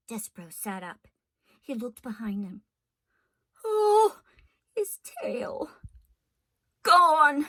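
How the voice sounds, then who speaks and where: A woman teacher reading a storybook aloud to her class, in an expressive, unhurried way. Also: high-pitched, no echo.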